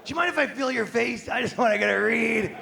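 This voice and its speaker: A man's voice: very high-pitched, fast talker, vocal fry, bright, forceful tone, roomy sound, a little hiss or hum, heavily acted. A man voicing a blind male detective who talks in a breezy, offhand way.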